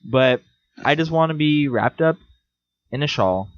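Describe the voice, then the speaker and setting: A young man co-hosting a podcast in casual chat, rambling and joking, now and then jumping into high silly voices. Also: animated, measured pace, no echo. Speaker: podcast co-host. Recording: slightly dull lo-fi sound.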